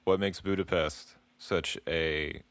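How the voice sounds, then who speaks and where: A man co-hosting a podcast in casual chat, playful and joking, halting with fillers. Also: low voice, steady tone, no echo. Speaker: podcast co-host.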